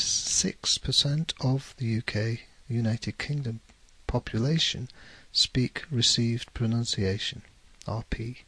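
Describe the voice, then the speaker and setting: Slow, husky Northern English man. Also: mid-range voice, fairly bright tone, no room sound. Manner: measured, careful, with self-corrections. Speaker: English teacher. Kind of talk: scripted explanatory lecture.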